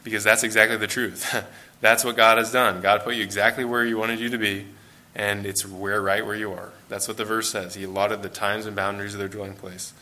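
A man with an American accent preaches a relaxed, conversational sermon in a church, with fillers and self-corrections, his lowish voice moving at a fairly quick pace.

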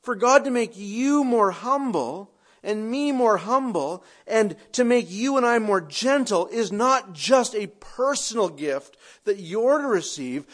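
Male pastor, sermon delivery, slightly higher voice, dynamic swings between emphatic and hushed. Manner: expressive preaching with sudden drops to quiet, conversational asides.

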